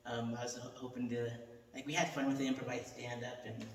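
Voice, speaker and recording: A man's voice: mid-range voice, level tone, quick pace, noisy background. An American man hosting a podcast interview, rambling with many fillers. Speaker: podcast host. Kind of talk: casual interview chat. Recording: roomy echo, mic far off.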